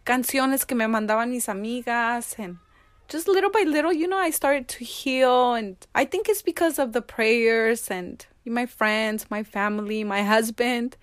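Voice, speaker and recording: A woman's voice: fairly high pitch, normal speed, smooth, dry recording. Emotional bilingual woman. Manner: emotional, switches between English and Spanish. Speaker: guest. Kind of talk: personal interview conversation.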